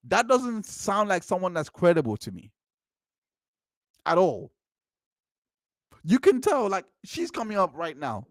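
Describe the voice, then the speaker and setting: A man's voice: sits high, wildly swooping pitch, measured pace, long pauses, dry recording. A man hosting a channel, giving casual commentary on court transcripts, often repeating himself and making incredulous asides. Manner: repetitive, restarts phrases, incredulous asides.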